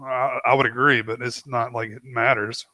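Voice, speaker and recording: A man's voice: medium pitch, flat delivery, moderate pace, pushed and bright, no room sound. A man co-hosting a movie podcast, laid-back, chiming in with short agreeing replies. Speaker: podcast co-host. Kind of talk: casual movie discussion.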